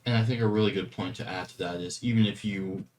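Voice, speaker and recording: A man chatting casually as a guest, relaxed and self-deprecating about his own skills. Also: low voice, fast, slight background noise. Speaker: guest game master. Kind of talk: casual chat.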